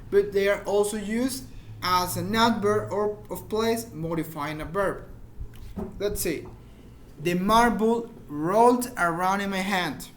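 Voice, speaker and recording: Man, high voice, informal English teacher, patient repeated examples, slight hiss. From Mexico. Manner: explains slowly with repeated examples, searches for words. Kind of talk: informal grammar lesson.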